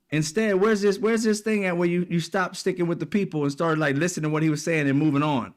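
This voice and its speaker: A man's voice: on the high side, fairly even intonation, fast. A man, a commentary channel host, giving a blunt, profane, heated opinion rant straight to the camera. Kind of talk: ranting opinion monologue.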